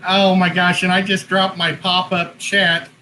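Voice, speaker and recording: Brief: male co-host, bright and fairly high voice, chatty livestream talk with faint background noise. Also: level tone, unhurried, poor audio. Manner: chatty, self-correcting while setting up. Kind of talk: casual livestream chat. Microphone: headset-style hat cam mic.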